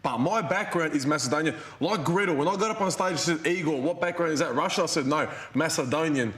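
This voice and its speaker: A man's voice: fairly high pitch, quick pace, a bit bright. Mediating man in echoey room. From Australia. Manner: reasoning, mediating, interrupting. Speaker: reality show housemate. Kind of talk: argument, explaining.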